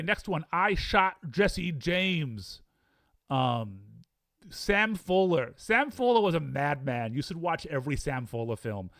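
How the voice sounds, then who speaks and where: In a clean studio recording with no echo, a man with a slightly high, fairly bright voice ranks films in a casual monologue. He's chatty and enthusiastic, debating aloud with himself how each one stacks up against the others.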